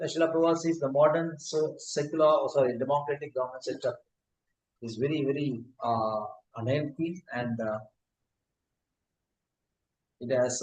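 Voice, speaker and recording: A man giving a scripture lecture, pausing often with fillers and restarts. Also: on the high side, a little mellow. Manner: halting, frequent fillers and restarts. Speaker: spiritual teacher. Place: temple hall. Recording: echoey hall.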